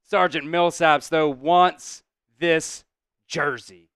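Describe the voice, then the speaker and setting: A man hosting a live stream, calling plays casually, reacting loudly, swearing and talking to his chat. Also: fairly high pitch, takes it slowly, clear, resonant tone, no echo, clean studio sound. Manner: excitable, swears, talks to chat. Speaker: host doing live play-by-play.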